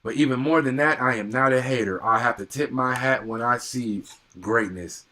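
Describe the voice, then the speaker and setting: A young man doing live play-by-play and reaction on a stream, reading viewer comments and bursting into excited exclamations. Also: mid-range voice, normal speed.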